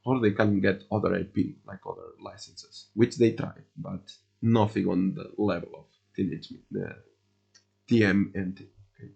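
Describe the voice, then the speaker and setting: Gravelly man with a fading voice. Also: deep voice, fairly even intonation, a little mellow, dull audio. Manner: halting, many fillers and restarts, conversational. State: losing his voice. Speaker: investing video host. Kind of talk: casual explanatory talk over charts.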